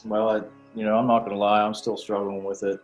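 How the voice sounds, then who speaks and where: A man from Maryland, a grieving father, speaking haltingly with many repeated words. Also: lowish voice, flat delivery. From Maryland, USA. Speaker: guest, bereaved father. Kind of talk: personal storytelling. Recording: faint music behind.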